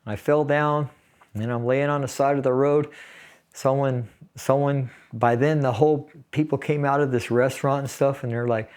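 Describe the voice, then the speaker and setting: In a clear, resonant, slightly mellow mid-range voice with fairly even intonation and a moderate pace, a California man in his sixties talks in an interview. A Navy veteran from the San Fernando Valley, he casually recounts a personal story and laughs through its grim details.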